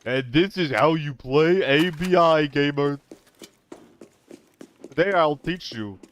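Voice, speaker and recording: A man's voice: on the high side, slow, a little hiss or hum, voice pushed up. A man putting on an exaggerated, overbearing game tutor voice, explaining things in a mock-solemn teaching manner. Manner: exaggerated, loud instructional delivery.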